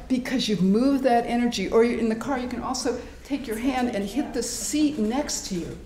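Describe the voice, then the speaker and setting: A woman presenting a live workshop in a hospital meeting room, animated and demonstrative, acting out sounds and inner voices as she teaches. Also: a little high, normal speed, hardly any pauses. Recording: echoey room, faint background noise.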